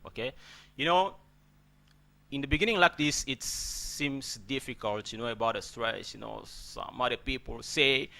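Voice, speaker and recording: Bright-voiced man teaching word stress. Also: medium pitch, moderate pace, creaky. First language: not English. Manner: repeats words and asks "okay?" often, preachy and encouraging; addresses listeners as brother. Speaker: English teacher. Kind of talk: spoken pronunciation lesson.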